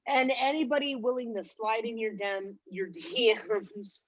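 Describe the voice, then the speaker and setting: A woman's voice: on the high side, unhurried, no echo, lo-fi sound. A woman hosting a podcast over a video call, playful and laughing, trying out silly accents. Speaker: podcast host.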